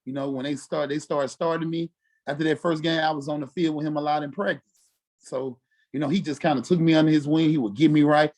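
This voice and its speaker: A former football player from Mississippi, telling stories casually and acting out quotes with lots of "you know what I'm saying". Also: male voice, a little high, fairly even intonation, fast talker, a little mellow. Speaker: former NFL fullback, podcast guest. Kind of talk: casual storytelling interview.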